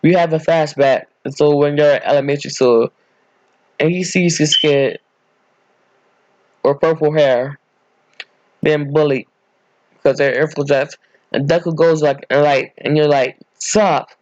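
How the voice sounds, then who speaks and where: A man's voice: a little high, steady tone, unhurried, long pauses, darkish tone, dry recording. A man casually narrating an improvised fan story, rambling and correcting himself as he goes, on a dull, dry recording.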